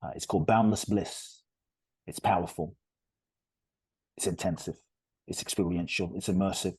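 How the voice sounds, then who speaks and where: A man's voice: low voice, steady tone, moderate pace, a little mellow, breathy edge, dry recording. A man, a podcast guest and retreat leader, telling stories in an earnest, emphatic and heartfelt way. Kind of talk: conversational storytelling interview.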